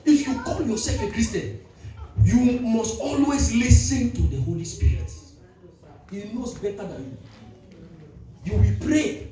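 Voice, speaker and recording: Animated preacher in an echoing hall. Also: male voice, sits high, slight background noise. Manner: animated preaching with call-and-response, sudden shouts. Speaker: pastor. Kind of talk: sermon. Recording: echoey hall, distant mic, music behind.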